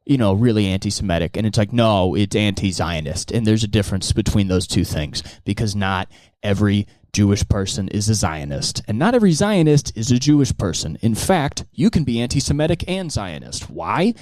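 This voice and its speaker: A man performing a stand-up set. His pitch swings widely as he slips into voices, and he swears freely. The sound is dry and close. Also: moderate pace, no room sound. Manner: animated, profane, acts out many voices. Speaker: stand-up comedian. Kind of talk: stand-up comedy monologue.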